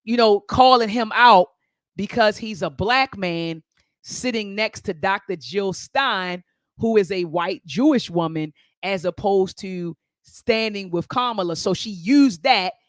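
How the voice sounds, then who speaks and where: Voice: mid-range voice, measured pace, dry recording. An educator hosting casual commentary, talking in a rambling way, backtracking and speaking straight to viewers. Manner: conversational, rambling, loses the thread and backtracks; addresses viewers and commenters directly.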